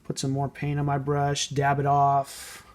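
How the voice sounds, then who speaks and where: A man casually explaining a painting technique as he works, thinking aloud and sometimes trailing off softly. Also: medium pitch, completely flat delivery, unhurried. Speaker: model painting tutor. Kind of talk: casual hands-on painting tutorial.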